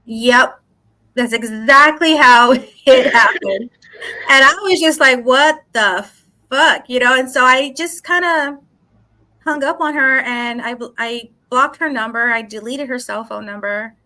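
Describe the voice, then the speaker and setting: A woman, a psychic guest in a casual interview, telling her story in an animated way and acting out what people said, swearing freely. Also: high voice, unhurried.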